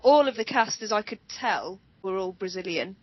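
A woman's voice: medium pitch, animated, normal speed, slightly rough, no room sound. A woman co-hosting a casual movie chat, chatty and giggly, stumbling over foreign names. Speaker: podcast co-host. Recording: dull lo-fi, dry sound.

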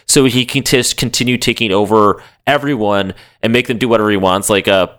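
A man with a lowish, smooth and resonant voice co-hosts a podcast. He talks in a loose, rambling way, swearing casually and filling his sentences with "like". The delivery is relaxed, everyday chat. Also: brisk. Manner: rambling, profane, lots of "like". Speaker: podcast co-host.

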